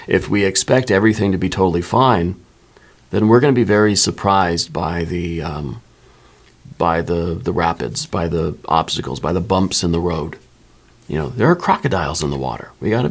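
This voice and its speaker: A man giving a soft-spoken tarot reading, musing in a relaxed way and often checking in with the listener. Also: low voice. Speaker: tarot reader.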